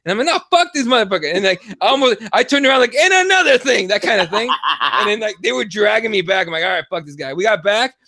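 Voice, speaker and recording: Brief: young man, high pitched, animated and foul-mouthed podcast co-host, dry close sound. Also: quick pace, no room sound. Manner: profane, animated storytelling. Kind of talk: casual chat.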